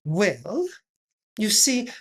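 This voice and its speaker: A pompous, affected aristocratic hostess, played by a woman, drawling slowly and dropping French phrases. Her pitch swoops up and down grandly as she holds court. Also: very animated, fairly bright tone, husky, heavily acted. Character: pompous aristocratic lady chat show hostess. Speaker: host.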